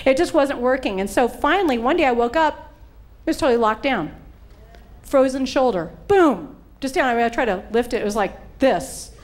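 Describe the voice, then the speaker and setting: This middle-aged woman speaks in a high voice at a moderate pace as she preaches. Her sermon is full of humorous storytelling, and she animatedly acts out each quoted voice.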